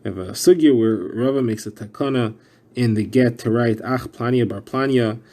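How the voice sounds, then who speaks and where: A man's voice: medium pitch, moderate pace, warm tone. A man explaining a daily Talmud page, working steadily through Hebrew and Aramaic terms. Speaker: Talmud teacher.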